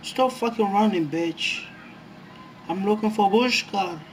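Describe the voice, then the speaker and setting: A young man commentating his own gameplay, excitable and jumpy, swearing often. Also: high voice, slow, a little hiss or hum. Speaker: gaming YouTuber.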